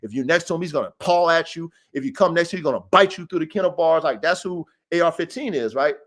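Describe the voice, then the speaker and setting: Man, casual livestream host, animated storytelling, profane, slightly high voice. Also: quick pace. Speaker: dog breeder and podcast host. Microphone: streaming setup.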